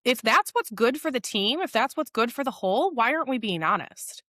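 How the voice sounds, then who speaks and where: A woman's voice: on the high side, lively intonation, brisk, pushed and bright, no room sound, studio quality. A woman hosting a solo podcast, talking bluntly and candidly, swearing freely and telling stories. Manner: blunt, frequent swearing, storytelling; quotes others in acted voices. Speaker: podcast host.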